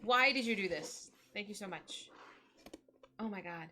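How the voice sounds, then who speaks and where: A woman in her thirties, a streamer chatting casually on a live stream and opening gifts in a bubbly, excitable way. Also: medium pitch, a little slow, faint music behind. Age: 30s.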